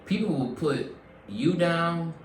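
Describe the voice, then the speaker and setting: A man's voice: fairly high pitch, lively intonation, slow. A man hosting a casual faith podcast, earnest and affirming, often repeating key words back. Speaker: podcast host. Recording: roomy sound, mic at a distance, faint noise.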